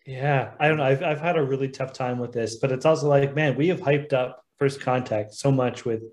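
A man's voice: mid-range voice, a little fast, a little mellow. A man with a middle-range voice who hosts a casual podcast. He asks the questions eagerly and keeps the chat rolling. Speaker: podcast host.

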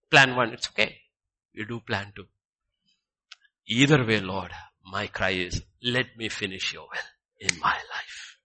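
A male pastor preaching a sermon, swinging between loud declarations and hushed near-whispers, repeating short phrases for emphasis. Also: fairly low pitch.

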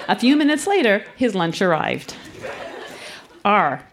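A woman's voice: lowish voice, very animated, normal speed, long pauses, slight background noise. A woman reading her teenage school writing aloud on a live club stage, with wry asides.

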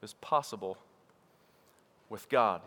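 Preaching man in a reverberant church. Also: slow pace. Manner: swings from loud emphatic peaks to quiet low asides. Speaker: pastor. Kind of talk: sermon. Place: church sanctuary. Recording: church hall with long reverb.

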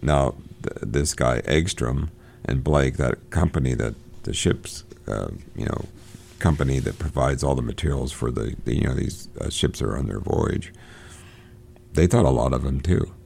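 Very deep, gravelly-voiced man reading aloud. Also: a little mellow, slight background noise. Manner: halting, many fillers and restarts. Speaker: discussion leader. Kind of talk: reading aloud and discussing a novel.

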